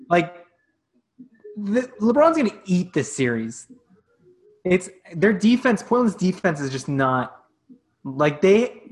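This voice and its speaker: A woman on a casual sports podcast, telling stories and giving confident opinions. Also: low voice. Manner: animated storytelling, confident. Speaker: podcast panelist.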